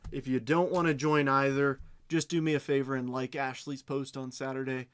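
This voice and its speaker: A man hosting a live card-breaking stream, reading off pulls quickly and chatting with his viewers. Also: mid-range voice, level tone, clear, resonant tone. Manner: rapid rundown of cards, chatting with viewers.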